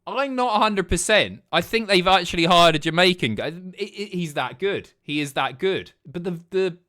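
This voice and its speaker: A man in his thirties chats casually while hosting a livestream. His voice is lively and bouncy in pitch, and his talk is blunt, sweary and sardonic. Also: normal speed. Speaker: livestream host. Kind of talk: casual stream chat.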